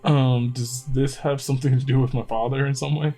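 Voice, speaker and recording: A man's voice: mid-range voice, steady tone, a little fast, warm tone, faint music behind. Hesitant man playing a tabletop game. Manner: hesitant, full of ums. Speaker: player.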